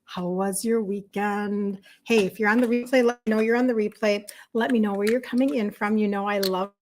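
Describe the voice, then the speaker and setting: A middle-aged woman with a Minnesota accent hosts a relaxed livestream. She talks to her viewers in a chatty way, greets them by name, and laughs often. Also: medium pitch, brisk, slight background noise. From Minnesota, USA. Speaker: health coach hosting a livestream. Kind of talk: casual livestream chat with viewers.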